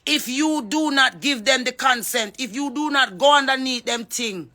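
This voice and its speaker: A woman's voice: sits high, moderate pace, bright, forceful tone. Fervent Jamaican woman calling out names. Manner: fervent, preachy, calls out names. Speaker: singer. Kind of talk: impassioned social media appeal.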